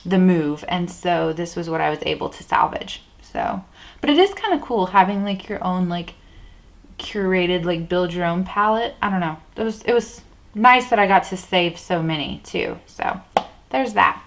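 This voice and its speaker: A woman's voice: fairly low pitch, animated, normal speed, gravelly, poor audio. A woman vlogging about beauty products in a rambling, chatty way, full of fillers and restarts, while sitting at a table indoors. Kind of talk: casual chat.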